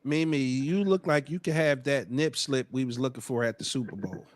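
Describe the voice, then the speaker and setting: Speaking at normal speed with a medium-pitched voice, a man who is an adult father hosts a podcast live stream, reading out what viewers write and bantering loosely with plenty of profanity.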